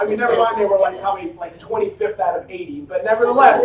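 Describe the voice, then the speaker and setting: Animated man preaching in an echoey hall. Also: high-pitched, fast, hardly any pauses, far from the mic, crowd noise. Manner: animated storytelling, acts out his own quotes. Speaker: pastor. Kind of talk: sermon with a personal story. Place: church hall. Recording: echoey hall, faint noise.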